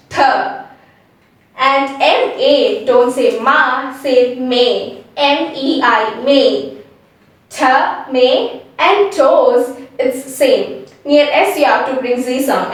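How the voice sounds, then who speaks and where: Woman, pronunciation teacher, slow and patient, voice set back from the mic in a very echoey room. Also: high voice, far from the mic. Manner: spells out sounds letter by letter, frequent "okay?" checks. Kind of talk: slow explanatory lesson.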